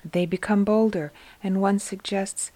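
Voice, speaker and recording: Woman narrator, middle pitch, soft hushed delivery with frequent whispers, devotional story reading. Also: steady tone, unhurried. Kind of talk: scripted narration of a religious story.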